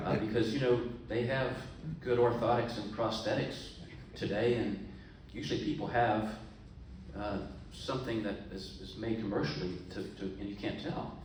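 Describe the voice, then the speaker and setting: A man's voice: lowish voice, fairly even intonation, moderate pace, a little hiss or hum. A man telling a folksy, chatty joke story to a club meeting, talking straight to a friend in the audience. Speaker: club speaker. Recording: echoey room from far off.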